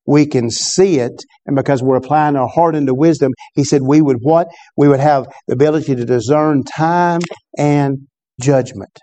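Fairly high-pitched but dark in tone, a man preaches at an ordinary pace. He's a storyteller in the pulpit, talking conversationally and throwing call-and-response asides to the congregation.

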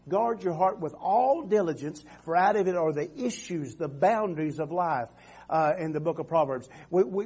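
A man's voice: high-pitched, warm tone, breathy edge. A man preaching a sermon as pastor, calling out "Amen" and "come on" and often restarting his phrases. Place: church sanctuary.

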